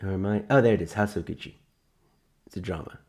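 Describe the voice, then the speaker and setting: A man with a fairly low voice hosts a relaxed live stream. He rambles and jokes with a sarcastic edge, stopping to read film blurbs aloud. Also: quick pace. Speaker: host. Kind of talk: casual live-stream chat.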